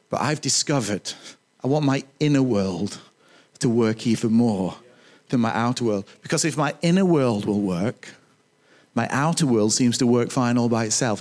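Animated, lively male preacher. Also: medium pitch, moderate pace. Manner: animated, chatty preaching with humorous asides. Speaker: pastor. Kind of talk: sermon. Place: church.

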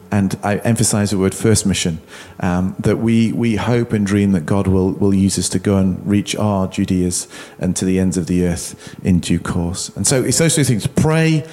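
A man's voice: fairly low pitch, warm tone. A man preaching as a pastor, earnest and urging, often repeating words as he builds each point. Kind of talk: sermon appeal to a congregation.

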